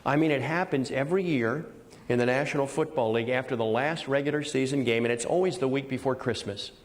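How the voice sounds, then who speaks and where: An older man on stage delivering a motivational keynote at a middle pitch. He tells stories with energy and drives his points home through repeated words. His delivery stays lively and direct. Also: fast talker, long reverb tail. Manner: energetic storyteller with punchy repetition. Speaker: motivational speaker. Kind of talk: keynote speech.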